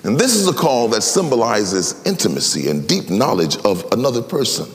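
A man preaching a sermon dramatically, slowing for emphasis and rising into sing-song phrases. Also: big pitch swings, in a large hall. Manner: dramatic, swinging between slow low emphasis and high, sing-song rises.

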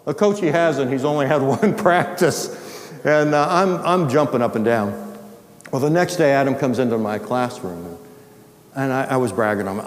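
A male teacher from the US Midwest telling an animated personal story and acting out the dialogue. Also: on the high side, moderate pace. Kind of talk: storytelling testimony. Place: large hall. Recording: echoey hall reverb.

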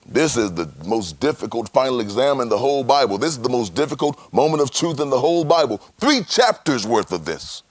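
A man's voice: mid-range voice, sing-song, brisk, few pauses, no echo. A man preaching a sermon as pastor, dramatic, with rhetorical questions.

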